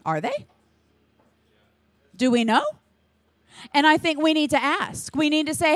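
A woman giving a conference talk to church leaders in an energetic, earnest, chatty manner with quick asides. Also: high-pitched, dry recording. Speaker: church children's ministry leader speaking to leaders.

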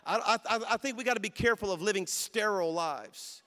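Middle-aged male pastor, high voice, storytelling sermon that rises to emphatic calls, big-hall reverb. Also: fairly quick. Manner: storytelling preacher who builds to loud, emphatic exhortation and calls to the crowd. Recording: long reverb of a large hall.

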